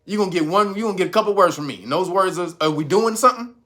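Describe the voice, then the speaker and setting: A man hosting a podcast, giving profane, comic commentary, laughing often and acting out quotes loudly. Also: high voice, rapid-fire. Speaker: podcast host.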